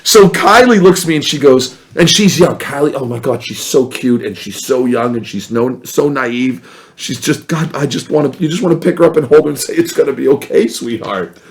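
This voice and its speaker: Male podcast guest, casual storyteller, lively swooping pitch, plays every quoted voice. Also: normal speed, a little hiss or hum. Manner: animated, acts out quoted voices with big pitch jumps.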